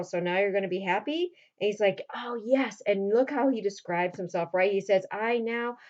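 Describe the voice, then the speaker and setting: A woman teacher in a casual recorded lesson for her students. She retells a play in plain talk and drops into quick acted lines for the characters. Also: mid-range voice, a little mellow, muffled recording.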